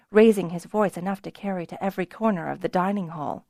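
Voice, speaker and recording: A woman's voice: quick pace, gravelly, few pauses, warm tone, dry recording, studio quality. A woman narrating a fantasy audiobook as scripted narration, giving the characters' lines with more lift and volume. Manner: voices characters with rises in pitch and volume.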